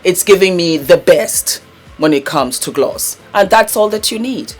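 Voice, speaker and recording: A woman's voice: fairly low pitch, lively intonation, a little slow. Effusive woman beauty vlogger. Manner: effusive, fond, calls viewers darling; chatty with frequent laughs. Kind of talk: casual beauty vlog chat.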